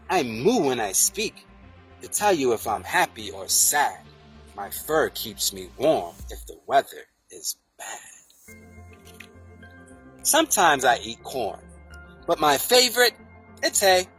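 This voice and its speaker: A reader reading a children's picture book aloud in a slow, sing-song way. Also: mid-range voice, wildly swooping pitch, fairly bright tone, husky, soft background music. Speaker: storybook reader.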